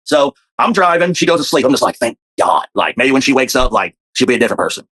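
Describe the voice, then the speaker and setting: A man's voice: medium pitch, sing-song, quick pace, fairly bright tone. A man telling his story in casual, rambling talk, profane and full of fillers.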